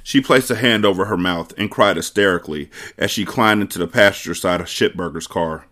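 A man with a low voice reads a novel aloud for his book podcast. His narration is measured and expressive, pacing the story steadily.

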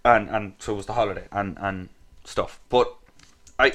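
A man's voice: mid-range voice, fast talker, sharp tone. A man co-hosting a podcast, telling rambling, sweary stories in casual chat. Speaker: podcast co-host.

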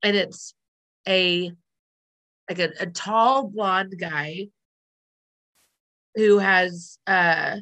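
Casual female co-host, unhurried delivery, bright tone, giggly and rambling. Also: fairly low pitch, fairly even intonation. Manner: giggly, rambling retelling with fillers. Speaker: podcast co-host recapping a sitcom episode. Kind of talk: casual chat.

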